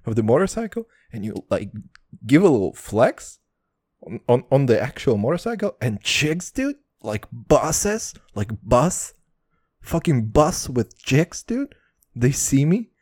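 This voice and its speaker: Brash, profane young podcast host. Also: male voice, mid-range voice, sing-song, unhurried, a little mellow, breathy edge, no room sound, clean studio sound. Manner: profane, brash, self-mocking, calls listeners boys. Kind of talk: casual comedic monologue.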